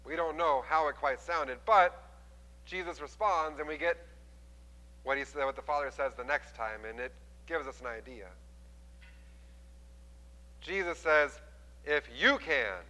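A man preaching a sermon as a pastor, telling the story with animated delivery and acting out the quoted voices. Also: fairly high pitch, measured pace, long pauses, long reverb tail, low-quality recording.

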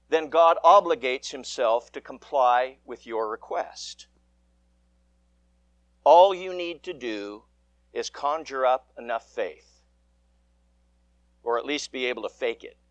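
A man reading the gospel aloud and preaching a sermon in church, measured and with dramatic emphasis. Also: mid-range voice, expressive, no room sound. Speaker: pastor.

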